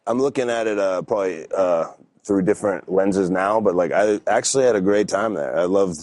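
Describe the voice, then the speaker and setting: Laid-back deep-voiced man telling stories. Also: brisk, a little mellow, dry recording. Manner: laid-back, rambling, lots of fillers and restarts. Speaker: wrestler, podcast guest. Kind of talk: casual storytelling interview.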